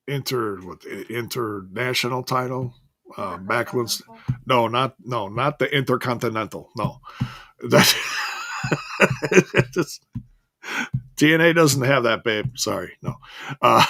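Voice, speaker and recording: A man's voice: medium pitch, sharp tone, dry recording, studio quality. A man hosting a casual solo wrestling review, rambling and correcting himself as he goes, chuckling now and then.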